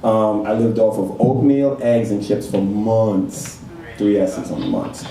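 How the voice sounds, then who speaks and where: A man's voice: on the low side, steady tone, slow, mellow. A man hosting a casual talk-show interview, reading posts aloud and laughing easily. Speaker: host, interviewer. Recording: echoey room, mic far off, faint noise.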